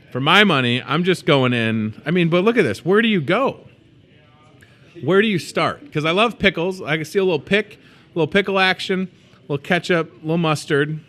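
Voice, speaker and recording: A man in his thirties hosting a store video show, chatting casually and joking while promoting food. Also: a little high. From moved to Iowa as a student. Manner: playful, joking, animated.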